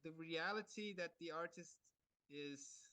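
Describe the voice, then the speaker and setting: A man giving an art lecture in short phrases, pausing for an interpreter and filling gaps with many hesitations. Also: a little high, bright, forceful tone, dry recording. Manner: halting, many fillers and restarts.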